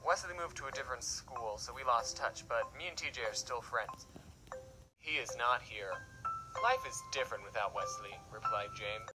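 A man's voice: medium pitch, normal speed, rough recording. A man reading aloud a story he wrote as a child and joking about it between lines, with a wry, mock-dramatic reading of the quotes. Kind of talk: comedic reading with commentary. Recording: loud background music. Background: loud music.

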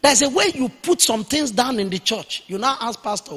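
A man preaches with a high, husky voice that rings out in a large church hall with a long reverb. He is emphatic and slows down to dictate key points word by word for his listeners to write down. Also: lively intonation, a bit bright. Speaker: pastor. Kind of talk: sermon.

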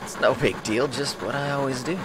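A man voicing an aloof young male mercenary in a flat, understated way. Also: mid-range voice, fairly quick, very noisy, close to an everyday voice. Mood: cool.

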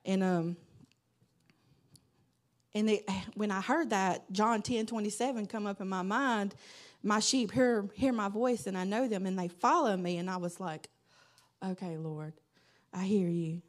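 An earnest woman speaks to a congregation in an informal, rambling way, often quoting her own prayers. She is close to tears, and her voice sits at an ordinary middle pitch. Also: a little slow, pauses often. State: holding back tears. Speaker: church member giving testimony. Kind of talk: informal church testimony.

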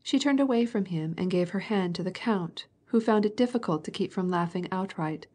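A woman narrating a classic novel as an audiobook, in an even, measured storytelling manner. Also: medium pitch.

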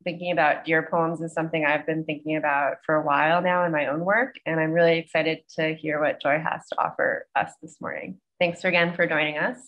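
A woman's voice: low-pitched, steady tone, fairly quick, hardly any pauses, a bit bright, dull audio. A woman facilitator reading a polite, earnest introduction of a guest speaker over a video call. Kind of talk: scripted introduction.

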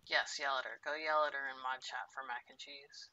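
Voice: medium pitch, fairly even intonation, fairly quick, bright, forceful tone, lo-fi sound, slight background noise. A streamer chatting casually on a live stream at home, muttering to themself while they cook.

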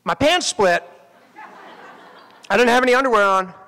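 A man, an actor, giving a graduation speech and telling animated stories straight to the graduates at the ceremony. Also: extremely high pitch, normal speed, clean tone. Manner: animated storytelling, addressing graduates directly. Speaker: commencement speaker. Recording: long hall reverb.

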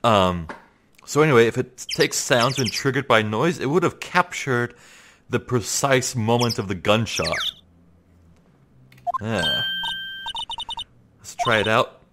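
A man's voice: medium pitch, animated, takes it slowly, long pauses, background noise. Jokey man voicing game commentary. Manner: jokey, chatty asides. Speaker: let's play commentator. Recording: game music behind.

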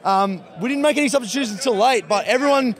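An excited Australian man giving his thoughts on a match outdoors in a rambling way. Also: very high voice, fast. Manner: excited, rambling, thinks aloud. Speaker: football fan interviewee. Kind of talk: street vox pop. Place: outdoors by a stadium.

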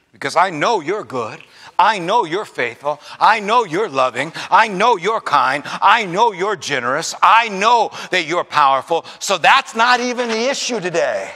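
A man's voice: high voice, lively intonation, normal speed, bright, forceful tone, big-room sound. A middle-aged man preaching a sermon, using repetition, humorous asides and rising fervor. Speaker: pastor. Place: large church sanctuary.

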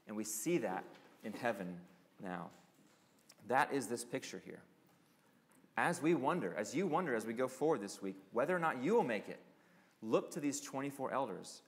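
A man preaching a sermon as pastor, earnest and questioning, who often drops to a hushed voice. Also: medium pitch. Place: church sanctuary. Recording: long reverb of a church sanctuary.

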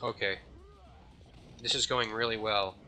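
A man giving casual, jokey let's-play commentary at home, self-mocking, slightly out of breath, with sudden high yelps. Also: steady tone, measured pace, pushed and bright, soft background music. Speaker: gaming channel host.

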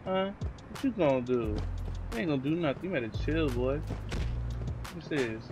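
A man giving excitable, trash-talking commentary while playing a wrestling video game, yelling at his opponents. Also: on the high side, moderate pace, music in the background. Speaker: gaming YouTuber. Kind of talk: let's-play commentary.

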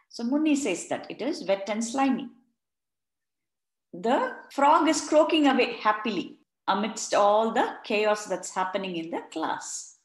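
A woman leading an interactive read-along for children, explaining words and retelling each page. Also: on the high side. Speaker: storyteller. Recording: roomy echo.

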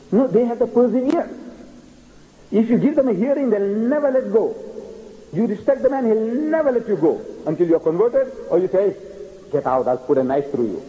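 A man giving a public lecture on religion, telling stories and acting out the dialogue. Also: high voice. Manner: animated storyteller, acts out dialogue. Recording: echoey lecture hall.

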